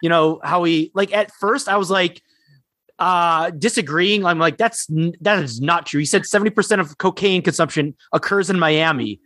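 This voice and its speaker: Podcast co-host, male, slightly higher voice, dry close mic, rambling and upbeat. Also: pushed and bright, no echo. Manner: rambling, enthusiastic, quick asides. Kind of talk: casual podcast chat.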